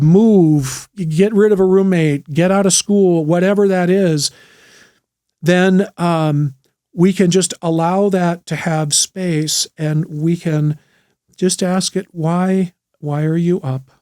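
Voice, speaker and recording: A middle-aged man, a therapist and podcast host, talking through trauma healing in a slow, gentle, thoughtful way with frequent restarts. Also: sits high, clean tone, dry recording, studio quality. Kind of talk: reflective solo talk on trauma healing.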